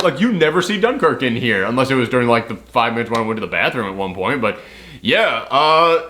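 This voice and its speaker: A man talks casually through a film review, rambling and leaning on fillers. His voice sits at an ordinary middle pitch. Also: animated, a little fast, fairly bright tone. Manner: chatty, rambling with many fillers.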